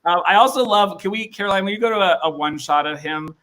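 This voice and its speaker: A man's voice: high-pitched, fast, a bit bright, a little hiss or hum. A man hosting a livestream show, chatty and upbeat. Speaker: host.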